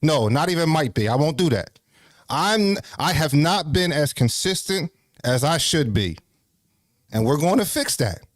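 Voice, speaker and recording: A man catches his breath as he chats loosely to his livestream audience. His voice sits a little high and the sound is dry and close. He curses casually and keeps restarting his sentences. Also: animated, a little slow, dry recording. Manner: loose, profane, rambling with frequent restarts. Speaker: livestream host.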